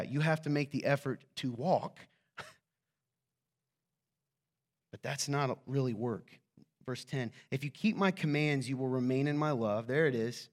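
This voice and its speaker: A man preaching a sermon to his church in a conversational, joking way, asking rhetorical questions and swinging from quiet asides to loud, excited bursts. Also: medium pitch. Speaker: pastor.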